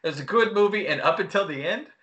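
A man's voice: high voice, animated, quick pace, a bit bright, lo-fi sound. A man co-hosting a podcast, chatting casually and telling a story against himself, laughing often. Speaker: podcast co-host. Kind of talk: casual chat.

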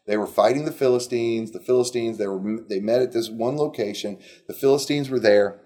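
A middle-aged man retelling Bible stories in an animated, conversational way, with frequent restarts. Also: mid-range voice, fairly quick. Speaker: Bible teacher. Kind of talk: casual Bible storytelling.

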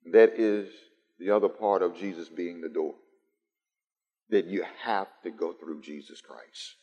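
A pastor with a low, steady, mellow voice preaches a little slowly to a live congregation in a church sanctuary, streamed live. He builds through emphatic repetition, and long church reverb fills the recording.

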